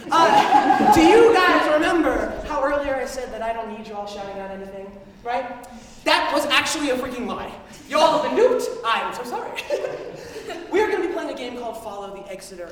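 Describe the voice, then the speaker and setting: A young woman hosting a live improv comedy show on a large stage, bubbly and laughing as she calls out cues, filmed from far off in an echoey hall with a loud crowd. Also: sits high. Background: audience crowd and noise.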